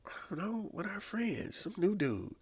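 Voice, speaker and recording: Guy doing a fed-up mom on the phone, high voice, blunt and dismissive. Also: sing-song, normal speed, breathy edge, dry recording, exaggerated voice. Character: exasperated mother on the phone, fed up.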